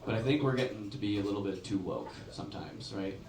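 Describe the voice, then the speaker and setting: A man's voice: lowish voice, fast talker, a crowd in the background. Casting note: male stand-up comic, loose and rambling, filler-heavy delivery, echoing club recorded from a distance. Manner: rambling and conversational, full of "like" and "right?". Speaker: stand-up comedian. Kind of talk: stand-up comedy set. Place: comedy club on stage.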